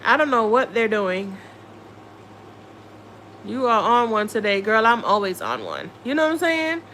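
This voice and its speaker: Giddy tarot lady on no sleep, kinda high voice, drags her words slow. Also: big pitch swings, a bit bright, slight background noise. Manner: giddy and playful, swears freely. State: running on no sleep. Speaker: tarot reader. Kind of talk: casual live-stream chat.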